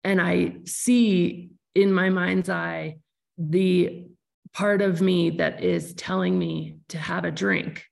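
A woman's voice: fairly low pitch, fairly even intonation, slow, gravelly, darkish tone. A woman hosting a podcast interview, talking in a thoughtful, searching way with frequent restarts. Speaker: podcast host. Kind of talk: reflective conversational interview.

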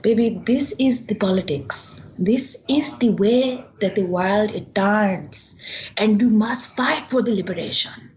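Woman playing a stern immigrant father, Bengali accent, slow solemn preaching. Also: sits high, a little mellow, slight background noise, rough recording.

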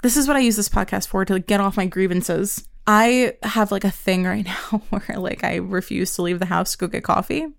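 A young woman from Pennsylvania co-hosting a podcast, telling stories in a profane, animated way. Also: brisk, vocal fry, few pauses. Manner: profane, animated storyteller, swings pitch high when quoting. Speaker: podcast co-host. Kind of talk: casual chat, storytelling.

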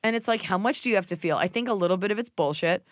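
A woman's voice: medium pitch, racing, dry recording, studio quality. A woman hosting a podcast in casual chat, blunt and opinionated, swearing freely and mimicking people in silly voices. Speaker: podcast host.

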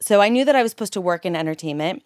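A woman's voice: mid-range voice, animated, racing, a little mellow, no echo, studio quality. A woman from San Francisco, a publicist guest, talking in an upbeat, earnest way and laughing easily. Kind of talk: casual interview.

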